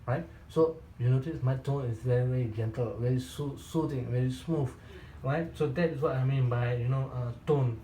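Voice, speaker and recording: This man's voice is medium-pitched, steady and mellow, moving at normal speed with hardly any pauses. He's coaching real estate agents in a question-and-answer session, repeating points for emphasis, restarting sentences and often closing with a questioning "right?". The recording has roomy echo and a little hiss or hum.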